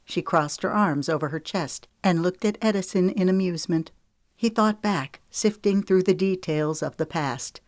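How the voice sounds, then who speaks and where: A woman narrating a suspense novel in measured, dramatic audiobook style. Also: low-pitched, no room sound, clean studio sound.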